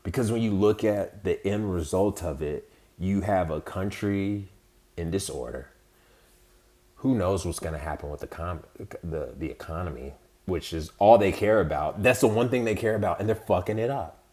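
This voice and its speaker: A man's voice: sits low, moderate pace, dark tone. A man hosting a podcast, giving heated, profane, rambling political commentary with mocking quoted voices. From United States. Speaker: podcast host.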